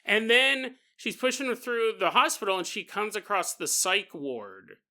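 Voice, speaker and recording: A man hosting a casual, comedic paranormal podcast, animated and jokey with a sing-song delivery. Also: sits high, unhurried. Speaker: podcast host.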